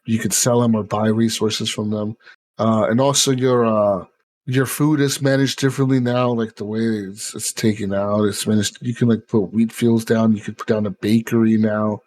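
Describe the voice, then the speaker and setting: A man's voice: on the low side, fairly even intonation, moderate pace, darkish tone. Rambling, swearing male podcast host. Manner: rambling, swears, many fillers. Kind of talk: casual chat.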